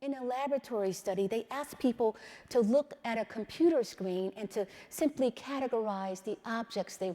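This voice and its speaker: A middle-aged woman giving a public talk, telling a personal story in a measured way and often checking in with "right?". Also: medium pitch, warm tone, long reverb tail.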